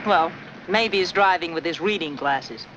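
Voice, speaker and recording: A woman's voice: on the low side, unhurried, very noisy, lightly acted. An actress playing a sensible, wry wife and mother in a 1940s film. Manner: dry, wry, patient. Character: sensible wry housewife, adult. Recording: dull old film soundtrack with music.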